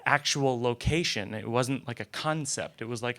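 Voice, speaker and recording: A man's voice: mid-range voice, normal speed, a bit bright, slight background noise. A young man telling a comic personal story in a conversational, self-deprecating way, often stumbling over repeated words. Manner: conversational, self-deprecating, frequent stammered restarts. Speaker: comedian.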